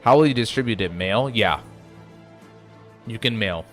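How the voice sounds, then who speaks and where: A man's voice: fairly low pitch, lively intonation, moderate pace, a bit bright. A young man from the US East Coast, a streamer chatting casually and swearing as he reads chat aloud. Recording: faint music behind.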